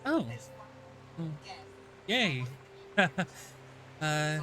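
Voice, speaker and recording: A man's voice: fairly high pitch, normal speed, fairly bright tone. A man narrating as dungeon master in a tabletop game, rambling with many fillers and restarts. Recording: faint background noise.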